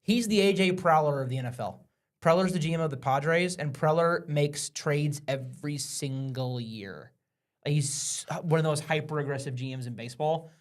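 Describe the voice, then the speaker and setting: A man's voice: a little high, normal speed. Opinionated man hosting a sports chat. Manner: opinionated, talks over others. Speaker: podcast host.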